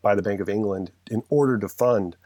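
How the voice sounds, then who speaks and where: Deep-voiced man talking passionately, dry sound. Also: a little fast, darkish tone, no room sound. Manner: earnest, passionate, rambling with restarts. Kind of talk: casual conversational chat.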